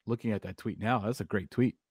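A man's voice: lowish voice, quick pace, a little mellow, husky, no echo, clean studio sound. A male podcast co-host in casual chat who jokes and laughs often.

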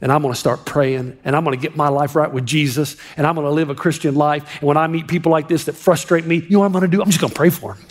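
A man preaching a sermon as a pastor, impassioned, swinging between hushed and emphatic delivery. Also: a little high, fairly even intonation, quick pace, few pauses. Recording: long reverb of a large hall.

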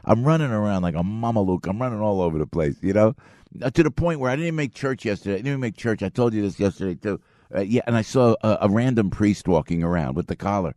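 A man's voice: on the low side, lively intonation, fast talker, darkish tone, dry recording, clean studio sound. A middle-aged man hosting a morning radio show, telling stories in a chatty way and laughing often. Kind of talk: casual morning radio chat.

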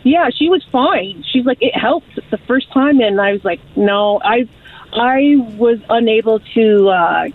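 A woman calling in to a radio show and telling a story in a chatty, lively way, acting out what people said. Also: fairly high pitch, unhurried. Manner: lively, chatty storyteller who acts out quotes. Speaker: caller. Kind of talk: call-in storytelling. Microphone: telephone. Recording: phone line.

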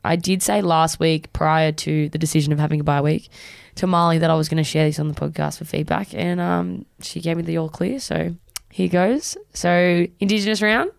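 A young Australian woman co-hosts a podcast from a studio, telling an animated story and acting out the voices she quotes. Her voice sits low, with a gravelly edge. The sound is dry and close to the mic. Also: moderate pace, dry recording. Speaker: podcast co-host. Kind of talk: casual chat.

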